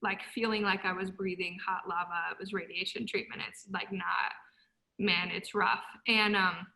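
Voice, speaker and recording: A woman speaking as a guest, telling her story in a passionate, blunt motivational way and loudly quoting herself. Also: medium pitch, fairly even intonation, normal speed, creaky, poor audio. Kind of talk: emotional motivational talk.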